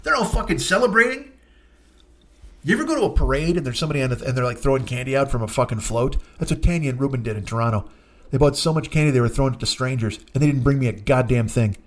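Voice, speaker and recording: A man hosting a podcast alone, ranting in a profane, exasperated way and jumping into shrill mock outrage. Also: fairly bright tone. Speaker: podcast host. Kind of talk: solo comedic rant.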